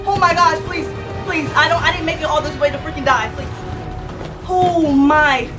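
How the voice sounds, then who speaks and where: A young woman hosting a gaming channel, giving excited let's-play commentary, shouting, laughing and talking in slang. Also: high voice, moderate pace, far from the mic. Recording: voice a bit off-mic over game music.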